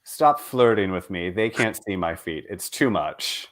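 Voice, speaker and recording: Low-voiced man hosting with wry teasing. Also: lively intonation, a little slow, fairly bright tone. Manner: teasing, wry, loosely worded questions. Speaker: interview host. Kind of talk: casual interview.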